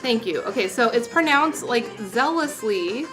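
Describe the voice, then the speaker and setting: Young female host, high chatty voice, casual livestream banter, music bed audible underneath. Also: moderate pace. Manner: bubbly, chatty, apologetic, laughs often. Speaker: tea stream host. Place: tea room.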